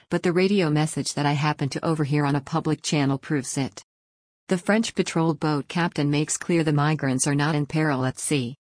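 A woman reading out a written news article in an even, measured delivery. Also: low-pitched, no echo, clean studio sound. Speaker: news reader.

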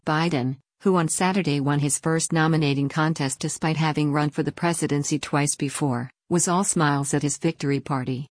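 Woman reading a news story, low voice, dead dry sound. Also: fairly even intonation, fairly quick, hardly any pauses, no room sound. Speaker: news reader. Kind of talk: scripted news narration.

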